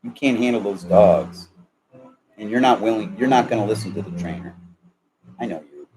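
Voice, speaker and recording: A man's voice: fairly low pitch, expressive, moderate pace, noisy background. A man rambling casually in a vlog, joking and laughing often as he talks. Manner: laughs a lot, drawling, joking. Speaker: vlogger.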